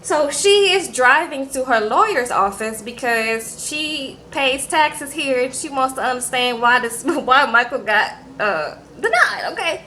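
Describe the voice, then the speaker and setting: A woman casually recapping a reality show, animated and sassy, acting out quotes with asides to her viewers. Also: high voice, a little slow, few pauses, a little hiss or hum, poor audio.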